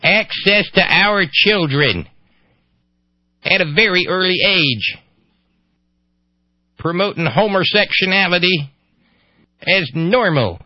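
A man's voice: sits high, animated, takes it slowly, pauses often, dry recording, dull audio, pitched above the performer's own voice, heavily acted. A man voicing a pompous, small-minded male family-values activist in a mock-ignorant, emphatic way. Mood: self-righteous.

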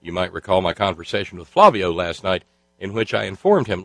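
A man's voice: sits low, big pitch swings, fairly quick, creaky, no room sound, low-quality recording. A man hosting a talk show, delivering sarcastic political commentary in a rambling way full of filler sounds. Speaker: radio talk show host.

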